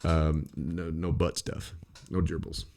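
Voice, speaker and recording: A man co-hosting a podcast, chatting casually in a loud, profane, ranting way and mocking other people's voices. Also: very deep voice, little pitch movement, takes it slowly. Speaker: podcast co-host. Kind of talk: casual chat.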